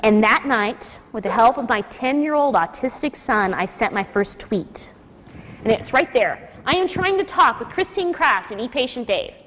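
A woman with a high voice tells a personal story to a live audience, emotional and lively as she acts out the people she quotes. Her voice rings in a lecture hall with a long echo tail. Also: moderate pace, slight background noise. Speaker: speaker at a nursing school talk.

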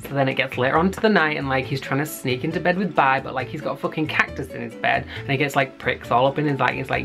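A man's voice: mid-range voice, steady tone, quick pace, creaky, hardly any pauses, over music. A man giving a casual, profane recap of a web series and acting out the characters' lines.

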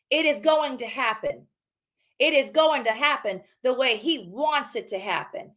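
A woman preaching on a livestream with a high, bright voice. She talks fervently, repeating phrases as she decrees over her listeners. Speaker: prophetic minister.

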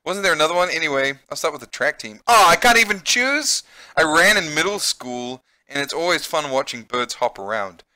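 A man's voice: a little high, brisk, hardly any pauses, bright, forceful tone, no echo. A man with a New Zealand accent who teaches English, reading a visual novel aloud and chatting in a teacher's explaining way.

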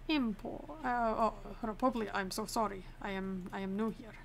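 A woman's voice: medium pitch, fairly even intonation, normal speed, gravelly, slight background noise, voice pushed down, close to an everyday voice. A young woman gaming host playing a formal, clipped woman border inspector in a put-on mock foreign accent. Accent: put-on mock accent from the game's fictional country. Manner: formal, clipped officious phrasing. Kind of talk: playing a game in character.

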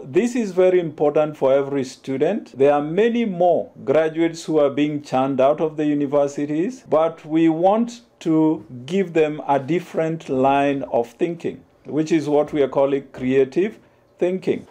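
A man speaks in an earnest, promotional way as a university official. His voice sits slightly high but has a mellow, warm tone. He delivers his remarks in a measured manner. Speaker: university innovation centre official. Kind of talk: on-camera interview remarks.

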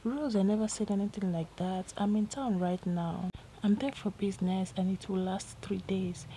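A patient, caring young man who speaks calmly and reassuringly, as a Nigerian woman reads his part. The voice stays in her own mid register with a Nigerian accent. He sounds like a character in a storybook. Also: mid-range voice, normal speed, slight background noise, close to an everyday voice. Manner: calm, reassuring.

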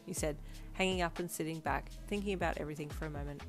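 A woman reading aloud a fanfiction story in a calm, even storybook narration. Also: low voice, quick pace, few pauses, over music. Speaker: fanfiction reader.

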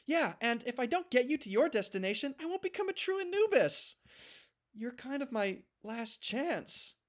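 Cartoon storyboard pitch: man voicing a chatty, hapless young jackal-dog taxi driver, squeaky and lively. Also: normal speed. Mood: pleading. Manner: high, chattering, excitable. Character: rookie male jackal-dog chariot driver, chatty, scatterbrained.

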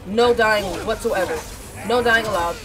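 A woman streaming a video game live, reacting excitedly and repeating phrases rapidly as she plays. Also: medium pitch, noisy background. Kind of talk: live gameplay commentary. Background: game music.

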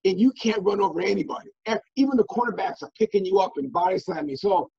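A middle-aged man from Minnesota telling stories as an interview guest, animated and full of restarts and fillers. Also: high-pitched, fast talker, gravelly, breathy edge. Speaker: guest, former football player. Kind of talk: casual interview storytelling. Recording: dull lo-fi audio.

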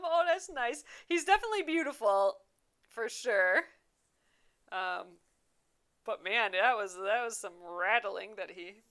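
A young woman chatting easily on a craft livestream, reading out viewer comments as they arrive. Her voice is bright and clear, with a mid-range pitch. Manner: chatty, reads viewer comments aloud, often laughs. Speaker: embroidery livestream host. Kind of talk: casual live chat reading comments.

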